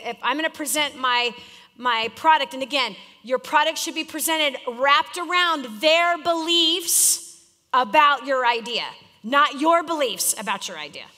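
A woman from California leading a live business seminar as a coach, teaching an audience in a direct, challenging, animated way. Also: on the high side. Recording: long reverb of a large hall.

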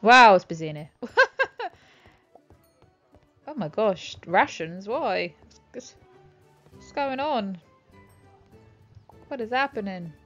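A woman's voice: mid-range voice, lively intonation, takes it slowly, pauses often, fairly bright tone, highs cut off, faint music behind. A woman giving chatty, giggly let's-play commentary as she plays a farming game. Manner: chatty, giggly, talks to herself. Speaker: gaming channel host.

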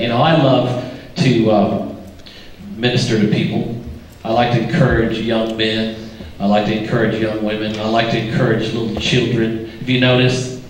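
Older male pastor, folksy and joking, questions the pews, heavy church echo, mic well off, faint room hum. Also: medium pitch. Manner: folksy, joking, quizzes the congregation. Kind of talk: sermon. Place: church sanctuary. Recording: echoey church from a distance.

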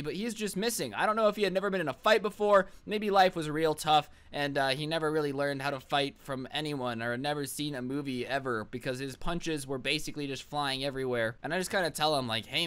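A man with a somewhat high, smooth and clear voice tells a comic story to his vlog audience. He keeps up a sarcastic, mocking tone and rambles between jokes, speaking close to the mic. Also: fairly bright tone. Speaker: storytime vlogger. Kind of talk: comedic storytime monologue.

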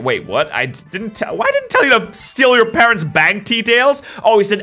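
A woman's voice: fairly low pitch, huge pitch swings, normal speed, few pauses, pushed and bright, faint music behind. A woman hosting a game let's play, chatty and joking as she plays and reads out comments. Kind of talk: gameplay commentary, reading comments.

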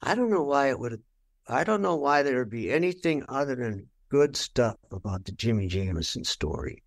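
Older man, interview guest, blunt, profane, acts out old quotes, medium pitch. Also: very animated, moderate pace, creaky. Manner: blunt, profane, acts out his own past remarks. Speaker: rock guitarist interviewed. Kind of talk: candid interview storytelling.

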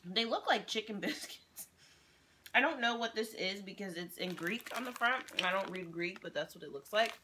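A woman's voice: mid-range voice, expressive, normal speed. A woman co-hosting a casual snack-tasting vlog, blunt, swearing freely and laughing often. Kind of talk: casual chat. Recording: noisy background with crinkling wrappers.

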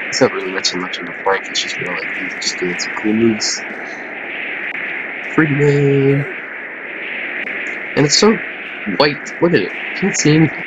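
A tired man giving rambling, chatty commentary over a video game, with quieter mumbled asides. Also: lowish voice, heavy background noise. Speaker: gameplay commentator.

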